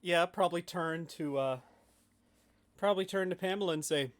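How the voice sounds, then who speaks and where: Higher-voiced man playing a tabletop game. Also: moderate pace, pauses often. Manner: easygoing, laughs often. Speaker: player. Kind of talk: casual tabletop game play.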